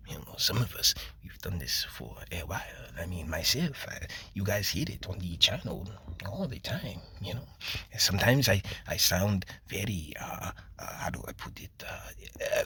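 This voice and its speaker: Guy putting on a low whispery fake french voice, breathy, smug and slow rambling. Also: bright, forceful tone, full character voice. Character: hushed pseudo-French crooner Jean-Claude, smug.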